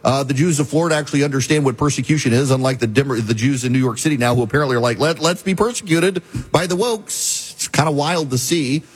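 Husky, scornful talk-radio man. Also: medium pitch, steady tone. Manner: rapid, scornful, with frequent filler restarts. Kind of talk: opinionated political commentary.

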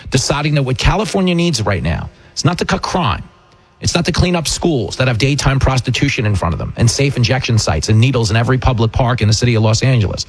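A man hosting a talk show, ranting with sarcastic, animated, mocking political commentary. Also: mid-range voice, husky. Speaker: radio host and comedian.

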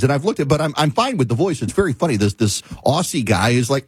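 Casting: male host, husky dry voice, ranting storyteller. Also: medium pitch, animated, fairly quick, dry recording. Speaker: talk show host. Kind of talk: casual monologue.

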